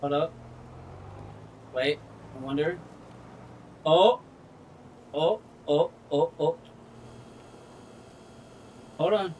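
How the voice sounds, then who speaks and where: Slow-talking, cursing male game streamer. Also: on the high side, a little mellow, slight background noise. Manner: frustrated, swears a lot, slow drawl. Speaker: gaming streamer. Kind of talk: casual gameplay commentary.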